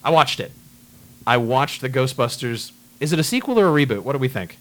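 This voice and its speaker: A man's voice: medium pitch, sing-song, brisk. A man hosting a casual movie chat, ranting bluntly and swearing freely. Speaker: podcast host.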